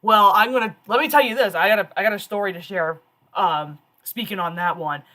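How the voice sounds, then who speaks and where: Woman in her thirties, stream host, animated storyteller, casual chat. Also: mid-range voice, fairly quick.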